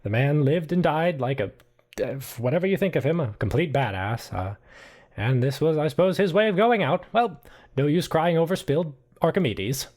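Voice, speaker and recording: A man voicing a composed, wealthy gentleman in a tabletop game, talking in a breezy, matter-of-fact way. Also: on the high side, lively intonation, moderate pace, voice pushed up.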